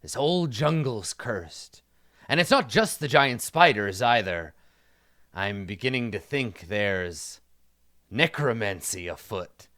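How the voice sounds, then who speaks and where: A man doing a gruff skeleton commander. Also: on the low side, lively intonation, sharp tone, heavily acted. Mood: stern. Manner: gruff, measured, probing. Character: stern old male skeleton army commander.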